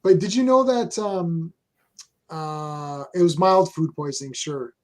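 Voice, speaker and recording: A Canadian man talks casually as host, with a voice sitting a little high for a man. He rambles through strong opinions, stopping and restarting his sentences often. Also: unhurried, a little mellow. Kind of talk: casual chat.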